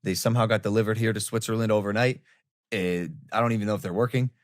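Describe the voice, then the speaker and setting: Animated man telling a story on a podcast. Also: fairly low pitch, quick pace. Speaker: podcast host. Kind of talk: casual chat. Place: hotel room, traveling.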